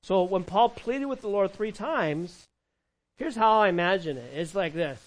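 A man preaching a sermon who asks the congregation questions and acts out prayers and quotes, swinging from loud cries to hushed words. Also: sits high, animated, unhurried, low-quality recording. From California. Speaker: pastor.

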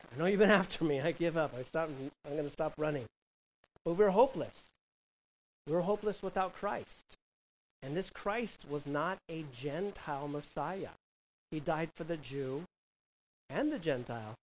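A man's voice: on the high side, a little hiss or hum, rough recording. A man from California preaching a conversational sermon, asking the congregation questions and acting out quoted voices. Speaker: pastor.

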